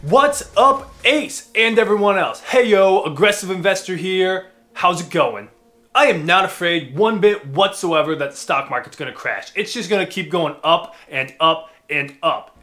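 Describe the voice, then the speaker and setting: A man voicing a brash, boastful, risk-loving investor who talks loud and cocky. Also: high-pitched. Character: brash hyped-up male stock trader. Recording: faint background music.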